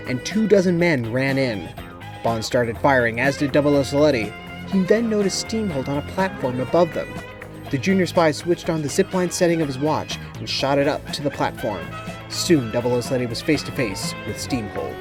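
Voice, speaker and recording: A man reading a children's spy story aloud in steady, even scripted narration. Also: mid-range voice. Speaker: audiobook narrator.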